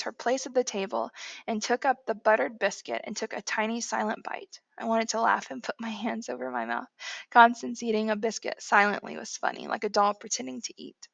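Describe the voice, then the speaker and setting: A woman narrating a novel in the first person, in a measured storytelling voice. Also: fairly high pitch, vocal fry, fairly bright tone, no echo. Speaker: audiobook narrator.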